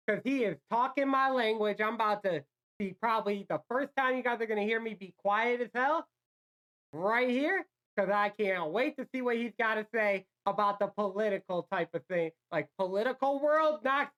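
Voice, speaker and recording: A woman hosting a music reaction video, rambling excitably and swearing freely as she comments. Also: fairly high pitch, normal speed.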